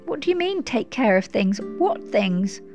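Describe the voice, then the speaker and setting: A woman's voice: on the high side, very animated, unhurried, a little mellow, faint music behind. A woman voicing an anxious young boy who pleads and tumbles out questions. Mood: pleading.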